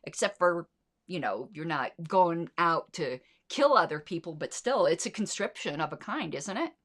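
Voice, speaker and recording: A middle-aged woman delivers opinionated solo commentary in a fairly low voice. She sounds indignant and sarcastic, with frequent swearing and pointed rhetorical questions. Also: expressive, normal speed, fairly bright tone. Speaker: podcast host.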